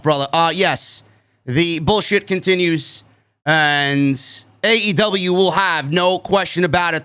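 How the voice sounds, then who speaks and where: Guy from new york doing a live wrestling stream, high bright voice, hyped up and cussing a lot. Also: clean tone. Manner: excitable, swears freely, keeps saying "man". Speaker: wrestling review host.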